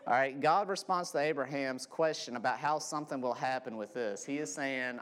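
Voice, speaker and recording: Male preacher, sermon delivery at mid pitch, restates key lines, asks "okay?" often. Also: moderate pace, few pauses, a bit bright.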